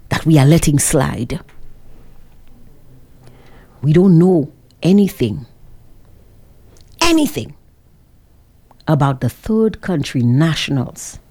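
A social commentator from Saint Lucia, this woman speaks with a Saint Lucian accent in a low-pitched, warm, husky voice. Her opinionated monologue to listeners is full of sarcastic rhetorical questions.

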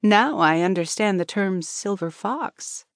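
A woman's voice: mid-range voice, measured pace, dry recording, studio quality, close to an everyday voice. A woman voicing a flustered, easily rattled young woman who blurts and mutters in a storybook reading.

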